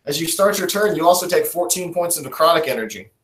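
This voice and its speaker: A man's voice: on the high side, animated, fast, noisy background. A man running a tabletop game as dungeon master, narrating in a casual, chatty way. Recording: roomy echo.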